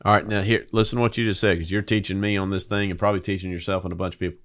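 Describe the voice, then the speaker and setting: Guy hosting a faith chat, lowish voice, teasing questions then kinda preachy. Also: fairly even intonation, rapid-fire, a bit bright. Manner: playful questioner who turns to preaching. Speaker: host. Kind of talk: casual faith conversation.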